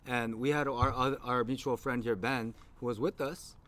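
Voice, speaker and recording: A man's voice: mid-range voice, normal speed. A man hosting a podcast in casual chat, telling stories animatedly, swearing freely and acting out what others said. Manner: animated, profane, acts out quotes in other voices. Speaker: podcast host.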